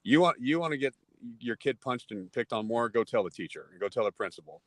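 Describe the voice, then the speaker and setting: A man in his forties from Texas, a podcast guest telling lively, casual anecdotes and acting out the voices in them. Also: medium pitch, a little fast. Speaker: podcast guest, former ballplayer. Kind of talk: casual storytelling.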